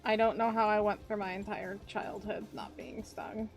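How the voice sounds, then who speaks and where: A woman's voice: mid-range voice, level tone, normal speed, faint music behind. A young woman streamer chatting casually while drawing, telling rambling stories full of fillers and little voiced quotes. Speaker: VTuber streamer.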